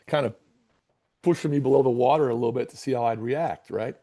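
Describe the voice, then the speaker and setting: A middle-aged man with a gravelly, mellow voice spins a story for a podcast interview. He acts out both sides of old conversations, stumbling and repeating words as he goes. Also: mid-range voice, fairly quick. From Michigan. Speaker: basketball coach, guest.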